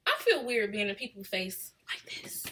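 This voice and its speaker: A woman's voice: mid-range voice, sing-song, moderate pace, fairly bright tone, slight background noise. Chatty Chicago woman on a livestream. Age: late 20s. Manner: chatty, drawling, answering comments. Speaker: livestream host. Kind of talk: casual live chat with viewers.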